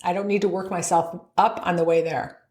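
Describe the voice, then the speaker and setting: A middle-aged woman on a podcast coaches golfers on their mental game, speaking a little fast in a lowish, steady, slightly mellow voice with reverberant sound. She's upbeat, laughs often, and acts out the thoughts in players' heads.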